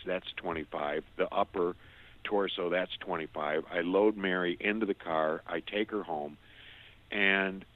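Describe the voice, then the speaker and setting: An older man, a former radio host, earnestly telling his personal story as an interview guest, halting often and restarting his sentences. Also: low-pitched. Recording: tinny phone-like line.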